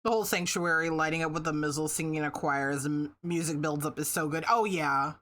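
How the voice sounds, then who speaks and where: A woman's voice: sits low, steady tone, fast talker, fairly bright tone. A woman streamer chatting casually with her viewers, swearing freely and breaking into laughter. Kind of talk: casual live-stream chat.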